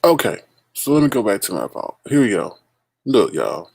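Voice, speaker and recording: Gravelly, animated man hosting a livestream. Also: on the low side, normal speed, no echo. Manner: exasperated, laughing, talks to chat as "y'all". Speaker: livestream host. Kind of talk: casual livestream chat.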